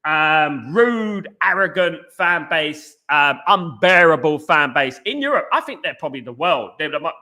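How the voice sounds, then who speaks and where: A man from England hosting a casual live football fan stream. He gives animated shout-outs to viewers and rambles with frequent restarts. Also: a little high, moderate pace, few pauses. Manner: animated, greets viewers by name with "big up". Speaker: football fan channel host.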